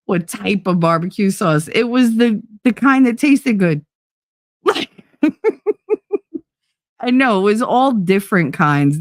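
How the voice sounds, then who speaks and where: A middle-aged woman with a fairly low voice hosts a relaxed livestream chat. She tells stories with lively energy, swears freely and laughs between lines. Her voice is recorded close and dry, with no room echo. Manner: animated storytelling, frequent swearing and laughter. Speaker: livestream host reading chat.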